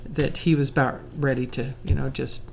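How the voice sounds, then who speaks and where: Low-pitched woman, casual personal storyteller, self-mocking, quick to laugh, acts out quotes. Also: level tone, gravelly, a little mellow, slight background noise. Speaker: storyteller recalling her courtship.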